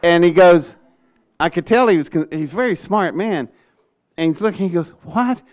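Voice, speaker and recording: An older man telling a story in a lively way. He laughs often and acts out what other people said. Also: high-pitched, moderate pace, some chatter behind. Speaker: speaker recounting a rocket test. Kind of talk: animated storytelling talk.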